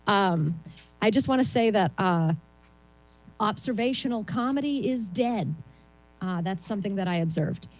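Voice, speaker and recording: A woman doing a rambling, self-deprecating stand-up set over a video call, with a voice she calls shrill and lots of ums. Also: expressive, moderate pace, long pauses, soft background music, poor audio. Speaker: stand-up comedian.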